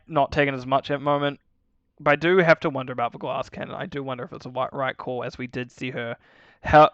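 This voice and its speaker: A man's voice: mid-range voice, a bit bright, smooth, no room sound, dull audio. A man casting a live esports match on his own, chatty and self-correcting, explaining game mechanics for viewers. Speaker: esports caster. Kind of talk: solo live game commentary.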